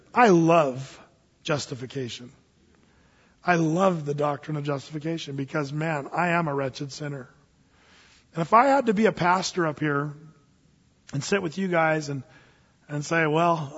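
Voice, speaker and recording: Male pastor, husky high voice, relaxed sermon style, dull recording with church hall echo. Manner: conversational preaching, voices quoted people. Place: church sanctuary.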